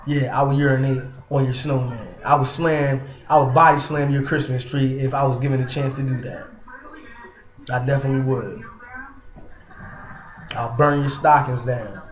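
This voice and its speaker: A man giving a casual religious monologue online, soft in tone but emphatic and scolding, full of fillers like "man" and "you know". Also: medium pitch, fairly even intonation, moderate pace, echoey room, slight background noise. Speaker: online preacher.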